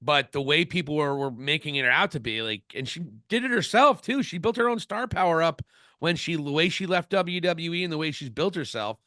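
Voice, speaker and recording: Male podcast co-host, rambling and opinionated; bright tone, dry recording. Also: fairly high pitch, animated, a little fast, dry recording. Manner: opinionated, rambling, frequent restarts. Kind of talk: casual wrestling podcast chat.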